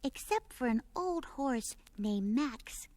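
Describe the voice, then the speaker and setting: Brief: earnest little girl storyteller, high, slow, dry. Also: lively intonation, warm tone, no room sound. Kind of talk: children's story reading.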